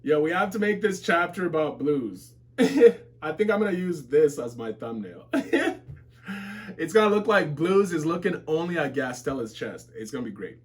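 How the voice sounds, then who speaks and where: A man streaming a live reaction to a comic chapter, excitable and profane, full of slang and bursting into shouts when hyped. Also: fairly high pitch, moderate pace.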